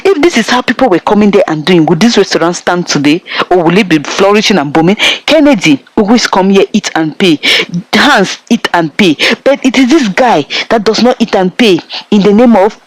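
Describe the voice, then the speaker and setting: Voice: mid-range voice, lively intonation, normal speed, no echo, low-quality recording. A Nigerian-accented film reviewer giving an emphatic, repetitive plot recap and talking straight to viewers. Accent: Nigerian English. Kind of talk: casual plot recap with commentary.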